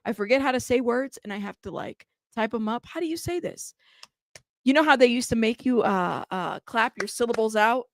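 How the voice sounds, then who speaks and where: A woman's voice: a little high, normal speed. A woman hosting a casual live news commentary show, chatty and playful, laughing often as she reads out viewer comments. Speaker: host of a news commentary livestream.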